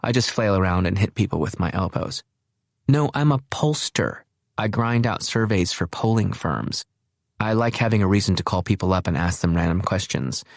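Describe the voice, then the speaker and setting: A man's voice: low voice, expressive, normal speed, creaky, no room sound, clean studio sound. A man voicing an anxious, scattered young woman who talks in an eager, chatty and slightly flustered way.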